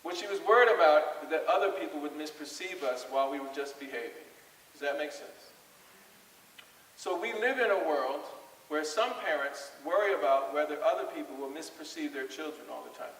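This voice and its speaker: A man's voice: on the high side, a bit bright. A middle-aged man from Southern Delaware giving a storytelling talk to a school audience in a conversational way, often putting questions to the crowd. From Southern Delaware, USA. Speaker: guest speaker at a school. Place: large school hall. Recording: far from mic, long hall reverb, faint hiss.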